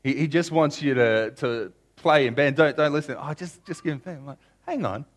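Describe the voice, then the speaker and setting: Chatty pastor, higher-voiced. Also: male voice, a little fast. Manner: conversational, repeats phrases, stammers restarts. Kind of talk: sermon.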